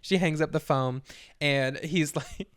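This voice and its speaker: A man co-hosts a podcast and retells scenes in a rambling way, full of fillers and mimicked voices. His voice is clear and smooth, recorded dry and close. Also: a little high, a little slow, no echo. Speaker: podcast co-host. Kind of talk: casual episode recap.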